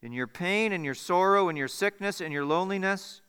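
A man's voice: high voice, a little fast, clear, resonant tone, big-room sound. A man preaching a sermon as pastor, earnest and building to impassioned appeals. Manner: earnest, rising to impassioned appeals, then hushed.

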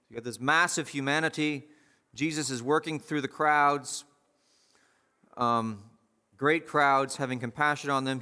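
A man's voice: a little high, pushed and bright. A man preaching a sermon in a conversational, emphatic way, asking the listeners questions.

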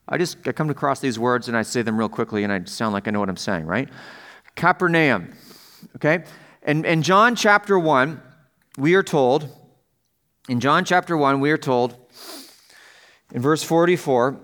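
A man's voice: on the high side, lively intonation, moderate pace, long pauses, fairly bright tone. A man pastor giving a sermon in a conversational way, often checking in with the congregation and lifting his voice to stress a point. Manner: conversational preaching, asks the congregation questions.

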